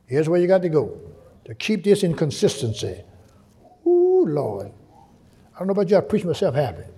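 A man preaching a sermon in church, repeating phrases and building to shouted call-and-response. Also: fairly high pitch, big pitch swings, fast talker, slightly rough.

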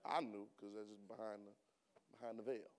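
A man preaching a sermon in a church, talking casually to the congregation and firing rhetorical questions, then rising into loud, emphatic bursts. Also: fairly low pitch, fairly even intonation, brisk, a crowd in the background.

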